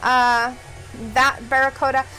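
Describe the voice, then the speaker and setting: A bright, high-pitched woman chats casually on a live stream, giggling often as she answers viewers' comments. Her voice is sharp and lifted, with faint music from a broadcast playing behind her. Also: flat delivery, unhurried, rough recording. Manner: chatty, giggly, frequent laughs. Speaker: co-host.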